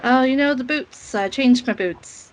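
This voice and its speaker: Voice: high voice, measured pace, low-quality recording. A player voicing a smug, evasive smuggler who brushes off questions.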